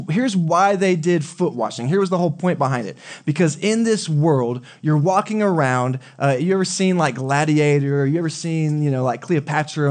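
A male pastor preaching a sermon in a relaxed, conversational way, often asking the congregation questions. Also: a little high. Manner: conversational, asks the audience questions.

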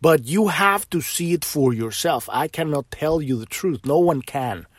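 A man's voice: a little high, expressive, measured pace, breathy edge, no room sound. A man hosting a podcast, talking in a rambling, impassioned monologue full of restarts and swearing. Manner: swears freely when worked up. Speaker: podcast host.

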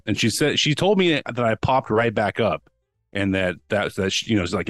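A man's voice: lowish voice, a little fast, dry recording, studio quality, faint music behind. A man telling a long story as a podcast guest, rambling, with many restarts and acted-out quotes. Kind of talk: casual storytelling.

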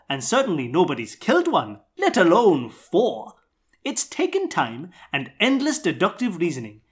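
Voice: mid-range voice, a bit bright. A tabletop player reading out a smug, scheming supervillain's journal in a put-on Australian accent. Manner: smug, theatrical, relishing.

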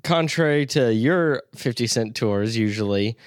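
A man's voice: mid-range voice, lively intonation, measured pace, dry recording, clean studio sound. A man co-hosting a casual podcast, laid-back, laughing and cursing offhand. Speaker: podcast co-host.

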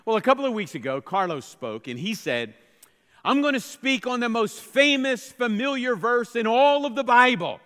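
Man, pastor, sermon, high voice, wide animated pitch, call-and-response, long church-hall reverb. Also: normal speed. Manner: lively, playful, leads the congregation in call-and-response.

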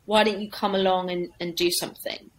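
Lively woman telling a story. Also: fairly low pitch, a little fast, rough recording. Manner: lively storyteller acting out voices. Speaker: comedian guest. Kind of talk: anecdote in a casual interview.

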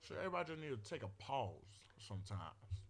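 A man's voice: medium pitch, very animated, fast. A man co-hosting a podcast in casual chat, laid-back and agreeable, chiming in with short replies and advice. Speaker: podcast co-host.

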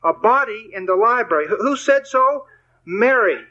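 A man's voice: high-pitched, expressive, normal speed, bright, forceful tone, highs cut off, pitched above the performer's own voice. A man putting on a flustered, insistent English lady. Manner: urgent, insistent. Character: flustered genteel English lady woken at night.

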